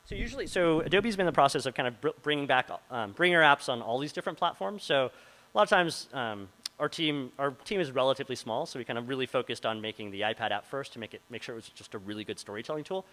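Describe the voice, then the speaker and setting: A man with a mid-range, pushed and bright voice talks quickly with lively intonation, and the audio is poor. He's a product manager presenting at a meetup, answering audience questions in a meeting room in a loose, chatty Q&A full of likes and ums.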